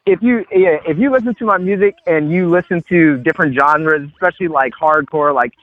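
A man's voice: a little high, brisk, no echo, narrow, tinny audio. A man, a rapper calling in to a radio show, talking earnestly and rambling with lots of fillers. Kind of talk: casual radio chat. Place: phone call-in to radio show.

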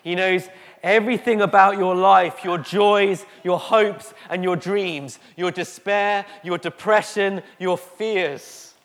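A man preaching a sermon to a congregation, slow and emotive, with dramatic pauses. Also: high voice, a bit bright. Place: church hall. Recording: echoey hall.

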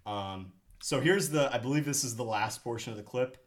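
A man's voice: medium pitch, a little fast. A man hosting a podcast in casual chat, chatty and rambling, laughing often. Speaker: podcast host.

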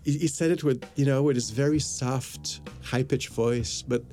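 A man's voice: medium pitch, moderate pace, warm tone, faint music behind. A man casually telling a personal anecdote, rambling with lots of fillers and quoted dialogue. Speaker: storyteller. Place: Los Angeles area.

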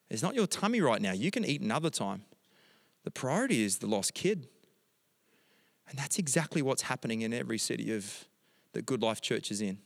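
A middle-aged pastor preaching, his voice carrying through a large hall with a long reverb. He shifts from storytelling into emphatic prayer at a mid pitch. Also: gravelly. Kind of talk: sermon.

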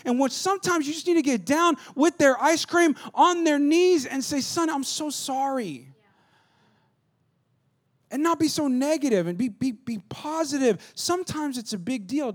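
A man preaching a sermon as pastor on a church stage, animated, with call-and-response asides and self-deprecating humor. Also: very high-pitched, fairly quick, few pauses. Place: church stage, on stage before a congregation.

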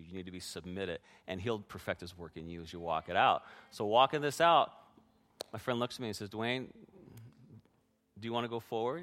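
A man's voice: on the low side, a bit bright. A man preaching a sermon as pastor, sharing his own testimony in an earnest way and speaking directly to the congregation.

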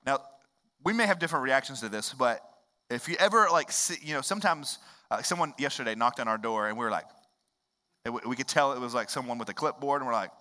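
A man, preaching a sermon in a conversational way that swings up into loud, emphatic rises. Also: fairly high pitch, lively intonation, fast talker. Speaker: pastor.

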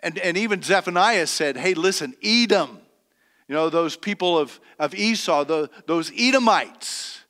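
A male pastor with a voice pitched a little above the usual preaches a sermon. He reads scripture aloud slowly and with weight, then explains it in loose, conversational talk full of restarts. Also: animated, fairly bright tone, in a large hall. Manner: preaching with slow emphatic scripture reading and many restarts.

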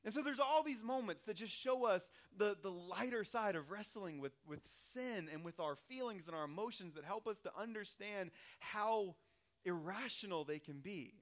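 A man's voice: high voice, expressive, moderate pace. A male pastor preaching a sermon in a conversational, humorous storytelling manner.

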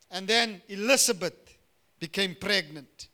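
Middle-aged male pastor with a very high, piercing voice, preaching with loud and hushed swings. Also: lively intonation, a little slow, long pauses. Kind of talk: sermon.

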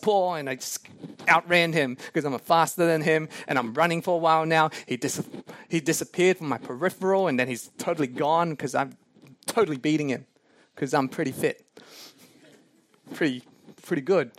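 Male preacher, high register, sermon storytelling, jokes at his own expense, dry close recording. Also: no room sound. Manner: animated, self-mocking anecdotes with laughs.

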